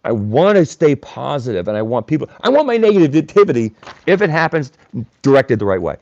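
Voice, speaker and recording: Male livestream host, mocking and blunt, very animated delivery, dull dry sound. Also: mid-range voice, a little fast. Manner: blunt, combative, mocks chatters by name. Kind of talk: live-stream rant reading chat.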